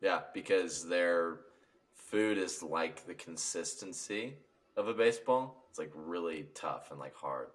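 A man's voice: low voice, unhurried. A young man co-hosting a podcast, telling stories in a rambling, casual way and laughing often. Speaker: podcast co-host. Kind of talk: casual chat, storytelling.

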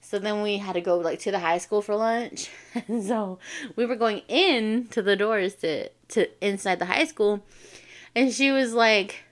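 A woman's voice: mid-range voice, a little slow. A young adult woman from a Navajo reservation, telling a personal story in casual, slangy speech and swearing freely. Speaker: vlogger.

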